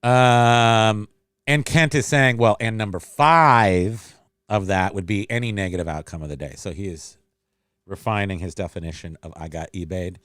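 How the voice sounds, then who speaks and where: A man's voice: fairly low pitch, moderate pace, fairly bright tone, dry recording, studio quality. A man hosting a livestream in a casual, rambling chat, reading out and answering viewer comments. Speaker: livestream host.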